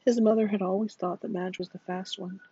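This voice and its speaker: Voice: medium pitch, flat delivery, fairly quick, dark tone, breathy edge, dry recording. A narrator reading a novel aloud in a dramatic way, often dropping into whispers, in a dull lo-fi recording. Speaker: audiobook narrator.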